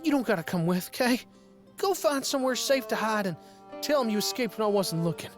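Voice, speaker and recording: A woman's voice: a little high, animated, fairly quick, close to an everyday voice. A woman voicing a simple, kindhearted young country man in a video game, with a folksy rural drawl. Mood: tender. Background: game music.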